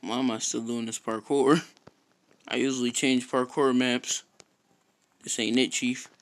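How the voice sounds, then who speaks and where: A man giving casual gameplay commentary, swearing constantly and breaking into loud frustrated outbursts. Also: medium pitch, steady tone, a little slow, a little hiss or hum, rough recording. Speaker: gamer and YouTuber.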